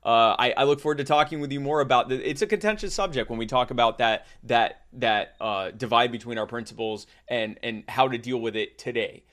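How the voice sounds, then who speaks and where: A man's voice: medium pitch, brisk, hardly any pauses, fairly bright tone. A middle-aged man from the United States hosting a podcast in casual chat, talking with many fillers and restarts. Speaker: podcast host.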